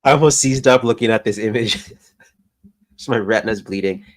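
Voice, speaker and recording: A man co-hosting a toy news show in casual chat, relaxed, laughing often and trailing off. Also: fairly low pitch, normal speed.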